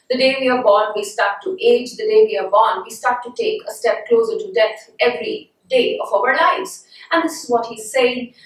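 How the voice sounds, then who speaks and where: A woman gives a thoughtful, unhurried poetry lecture in a high voice. She sounds distant from the mic, and her words ring in a strongly echoing room. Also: a bit bright. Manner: slow, reflective explaining. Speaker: literature teacher. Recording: very echoey room, mic far off.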